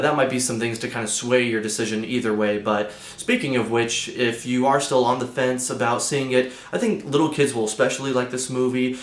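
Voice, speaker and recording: A man's voice: medium pitch, roomy sound. A young man hosting a casual movie review, chatty and loose with lots of fillers.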